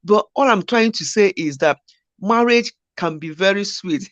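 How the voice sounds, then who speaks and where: A woman's voice: medium pitch, measured pace, no echo. A woman host, chatting casually about marriage and acting out what spouses say. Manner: animated, acts out quoted spouses. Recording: muffled lo-fi sound.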